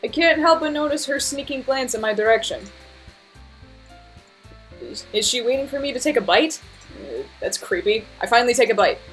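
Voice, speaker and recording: A woman's voice: on the high side, expressive, normal speed, long pauses, faint music behind, low-quality recording. Swearing woman streamer reading a game. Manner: casual, swears freely, self-mocking asides. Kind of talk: reading a visual novel aloud on stream.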